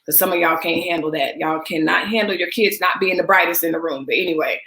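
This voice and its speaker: Woman, vlog host, casual opinion rant, bright edge to the voice, echoey room sound. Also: fairly low pitch, quick pace. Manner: emphatic, talks straight to viewers with repeated phrases. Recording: roomy echo.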